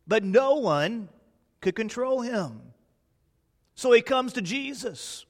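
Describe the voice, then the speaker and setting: Pastor guy preaching, big loud bits then hushed bits, long echo like a big church hall. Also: very high-pitched, expressive, takes it slowly, long pauses. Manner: dramatic preaching, swinging from loud declarations to hushed near-whispers. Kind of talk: sermon. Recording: long reverb in a large hall.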